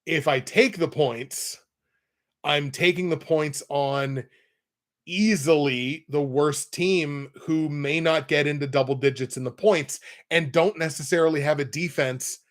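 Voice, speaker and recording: A man's voice: on the high side, a little slow. Chatty man giving football picks. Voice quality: nasal when pinching nose. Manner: rambling, self-correcting, wry asides. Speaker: sports picks show host. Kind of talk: casual football betting talk.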